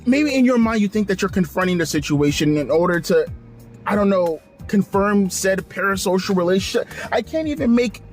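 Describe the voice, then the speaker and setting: A man's voice: high voice, darkish tone. A man hosting a video, ranting with exasperation and profanity and repeating himself. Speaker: wrestling commentary video host. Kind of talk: angry rant vlog.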